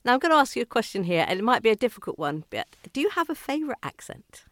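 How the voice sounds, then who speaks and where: A podcast host interviewing a guest, speaking in a halting way with repeated words and many fillers. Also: medium pitch, very animated, fairly bright tone, dry recording, studio quality. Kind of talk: interview questions and chat.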